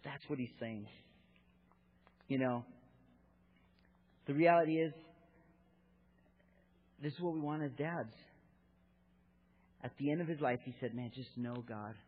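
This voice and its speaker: A husky man in his thirties preaches to his congregation, often stumbling and repeating words as he goes. His delivery swings between loud and hushed stretches. The sound is thin and tinny, like a phone line. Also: mid-range voice, a little slow, pauses often. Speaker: pastor. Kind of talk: sermon.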